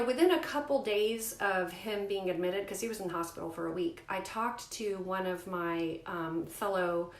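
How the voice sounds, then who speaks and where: Woman, personal vlog storyteller, emphatic and animated, mid pitch, reverberant room. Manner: emphatic, animated retellings with rising outbursts. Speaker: mother sharing a family health story. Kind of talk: candid personal storytelling to camera.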